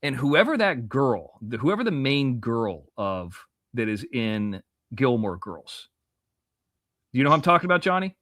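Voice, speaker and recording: A man in his forties, originally from Florida, telling a long story as a podcast guest, animated and profane, full of restarts and asides. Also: mid-range voice, a little slow, dry recording, studio quality.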